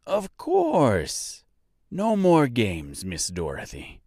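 A smug villain of a mansion, as a narrator puts him on, all mocking courtesy and drawn-out words. His voice rises and dips widely, slow and close with a dry sound. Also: medium pitch, wildly swooping pitch, a little mellow, dry recording, heavily acted. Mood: gleeful. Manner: mocking, overly polite. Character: smug, gleeful male mansion owner villain.

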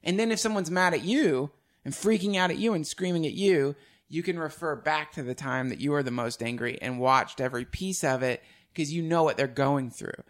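Male podcast host, slightly higher pitch, loose and animated, swears and laughs a lot. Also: moderate pace. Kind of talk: casual conversation.

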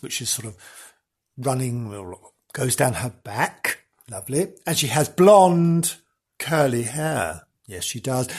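A man's voice: a little high, breathy edge. A man hosting a podcast, telling a comic history story in a theatrical, gushing way full of exclamations and jokes. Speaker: podcast host.

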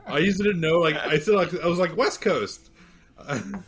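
A man who is a guest on a podcast game show, chatting loosely and laughing easily. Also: a little high. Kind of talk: casual chat.

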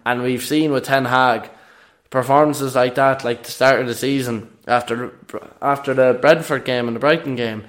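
A man's voice: mid-range voice, steady tone, normal speed, a bit bright. Opinionated man talking football. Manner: opinionated, emphatic. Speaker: podcast co-host. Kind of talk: casual football chat.

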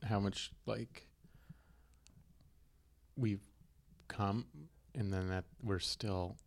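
A man's voice: on the low side, fairly even intonation, drawn-out words. A man in casual comedic podcast chat who laughs easily and plays along.

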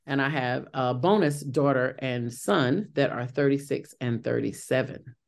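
Gravelly-voiced middle-aged woman, chatty. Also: extremely low pitch, measured pace. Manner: chatty, many restarts and fillers. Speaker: guest, Broadway actress. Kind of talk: interview conversation.

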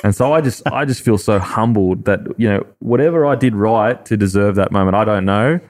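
An Australian man, formerly a rugby league player, speaks earnestly as a guest in a casual podcast chat, rambling and restarting often. His voice is on the low side, brisk and a little mellow.

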